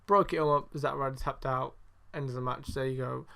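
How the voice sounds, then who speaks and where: On his podcast, a young man rambles through a casual wrestling review, swearing and umming throughout in an exasperated, sarcastic way. His mid-range voice has vocal fry and a bit of brightness, with fairly even intonation and a fairly quick pace.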